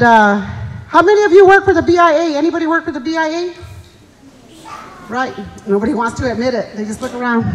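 Brief: chatty woman comic working a live crowd, high voice, hall reverb and audience behind. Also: slight background noise. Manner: folksy, chatty, teasing the audience. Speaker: stand-up comedian and emcee. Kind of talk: live stand-up storytelling.

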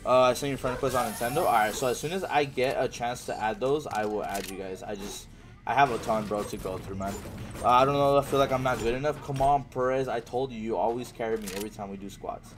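A male livestreamer with a medium-pitched voice talks fast over a slight hiss or hum. While playing, he casually reads viewer chat aloud and answers it in slangy fashion, often saying "bro" and "man."

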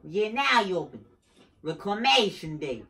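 This is a gamer giving let's play commentary, talking along to themself and cracking jokes as they go. The delivery is slow yet full of leaps in pitch, with a bright, ringing tone. Now and then the excitement spills over into a shout. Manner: excitable, jokey, talks to himself while playing.

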